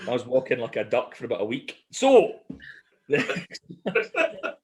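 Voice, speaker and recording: A man co-hosting a relaxed podcast who tells his stories with animated energy. He laughs between lines and keeps a conversational, mid-pitched tone. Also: normal speed, gravelly, long pauses. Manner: animated storyteller, laughs through his anecdotes. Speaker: podcast co-host. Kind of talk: casual podcast chat.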